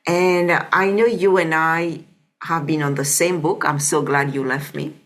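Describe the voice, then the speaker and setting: A woman's voice: low-pitched, steady tone, unhurried, fairly bright tone. A woman hosting a podcast interview, speaking reflectively and often adding "you know?". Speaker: podcast host. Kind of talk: conversational interview.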